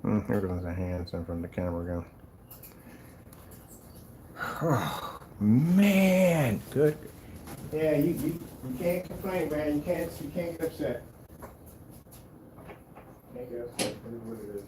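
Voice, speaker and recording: A man reacting to a rival's screen paint video with mocking, exasperated commentary, swinging between loud outbursts and low muttering. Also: a little slow, pauses often, background noise.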